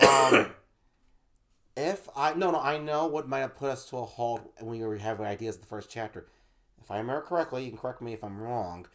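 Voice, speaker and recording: A man co-hosting a casual vlog, telling a story and getting loud and animated when he replays his own frustration. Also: mid-range voice. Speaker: co-host of a web show vlog.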